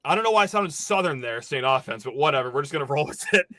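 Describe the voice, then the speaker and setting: Brief: high, lively man, podcast host on a sarcastic rant, dry close sound. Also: quick pace, no echo. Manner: animated, ranting, sarcastic.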